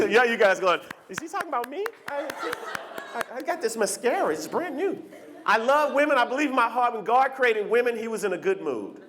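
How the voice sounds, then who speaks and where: A man doing a stand-up comedy set on a club stage, animated and often jumping into shouted character voices. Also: very high-pitched, moderate pace, noisy background. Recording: live club recording with crowd laughter. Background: audience laughter.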